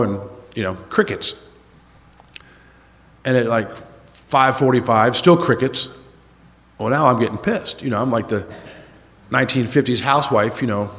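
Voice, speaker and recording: A man's voice: mid-range voice, moderate pace, pauses often. An older man telling a rambling, self-mocking story to a recovery meeting, with many fillers. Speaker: recovery speaker. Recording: echoey hall.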